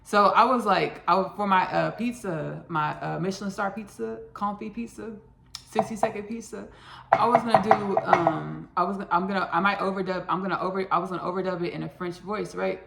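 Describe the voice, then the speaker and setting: A woman's voice: medium pitch, fairly quick, creaky, a bit bright, echoey room. A woman hosting a home cooking video in her kitchen, chatting in a rambling, casual way and addressing viewers as y'all. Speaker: home cook and channel host. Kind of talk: casual cooking vlog chat.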